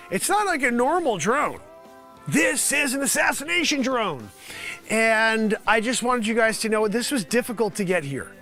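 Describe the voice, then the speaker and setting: A man's voice: extremely high pitch, bright, forceful tone. A man hosting his daily livestream, delivering a comedic monologue as a mock news report.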